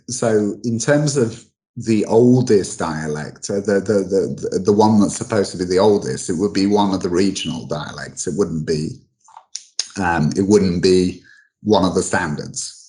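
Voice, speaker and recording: Low-voiced male guest, halting explainer with many restarts, casual talk. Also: a little mellow, poor audio. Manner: halting, full of restarts and fillers. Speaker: guest expert on English dialects.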